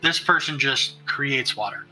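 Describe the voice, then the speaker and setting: A man narrating as game master in a tabletop game, relaxed and halting, with many fillers. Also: medium pitch, faint music behind, low-quality recording.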